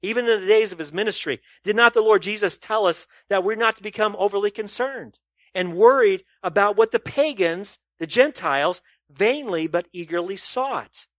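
A man delivering a sermon to his congregation, asking rhetorical questions and swinging between loud emphasis and quiet, low asides. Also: moderate pace, no echo, clean studio sound. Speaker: pastor.

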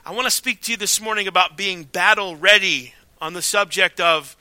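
A man preaching a sermon as pastor, emphatic, swinging between loud declarations and hushed asides. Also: high voice, fairly quick, hardly any pauses, no echo.

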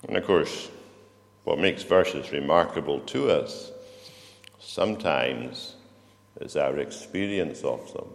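A man preaching a sermon in a church, slow and reflective, often turning questions to the congregation. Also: sits low, gravelly. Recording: long reverb of a church hall.

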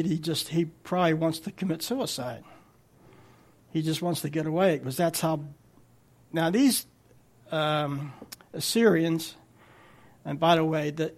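A man's voice: on the high side, creaky. A man preaching a sermon as a guest speaker, talking in a conversational way with frequent restarts.

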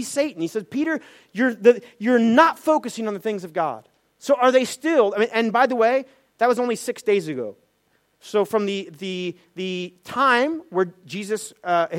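A man's voice: very high voice, a bit bright. A man preaching a sermon, asking rhetorical questions and acting out the lines of people in the story. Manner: acts out quoted voices, many rhetorical questions. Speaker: pastor.

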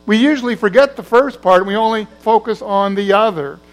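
A man's voice: high voice, brisk, low-quality recording. A man preaching a sermon in a conversational way, acting out the voices of people in his story. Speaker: pastor.

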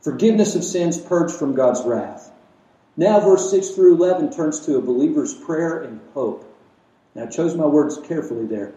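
A man preaching a sermon, emphatic, with rhetorical questions and swings between loud and quiet. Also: fairly high pitch, animated, moderate pace. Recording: echoey room, mic at a distance.

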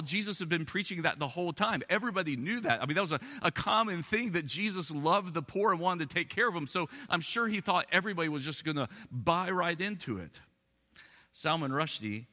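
A male pastor delivers a sermon in a bright, forceful voice pitched a little above the usual. His pace swings from brisk asides to slow, weighty phrases, and the sound carries a long echo through a church hall. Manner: expressive, shifts between quick asides and slow emphatic phrases. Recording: echoey hall.

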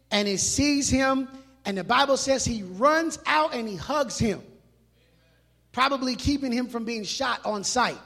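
A male pastor preaching a sermon in a church, animated and emphatic, mixing in casual street slang. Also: very high voice. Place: church hall. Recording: long reverb of a large hall.

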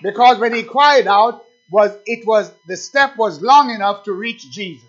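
A man's voice: high voice, moderate pace, fairly bright tone. A man preaching a sermon, emphatic and repetitive, calling out "amen" between points. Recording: dull lo-fi sound.

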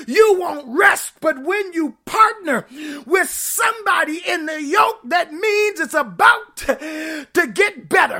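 High, gravelly woman preaching with fire. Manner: fervent, shouting delivery with a preaching cry; talks straight to the congregation, stretching key words. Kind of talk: sermon.

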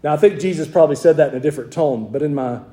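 A man's voice: on the high side, very fast, mellow. A man with a Southern US accent preaching a sermon in a conversational way, asking his congregation rhetorical questions. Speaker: pastor.

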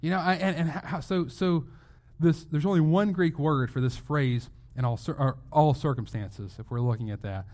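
A man's voice: fairly high pitch, normal speed, few pauses, darkish tone. A male pastor giving a sermon in a conversational way, asking rhetorical questions and restarting phrases as he goes.

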